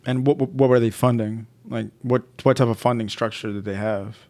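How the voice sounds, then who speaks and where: A man co-hosting a podcast, relaxed and casual, asking about the guest's funding and saying dude and man. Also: mid-range voice, normal speed. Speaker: podcast co-host.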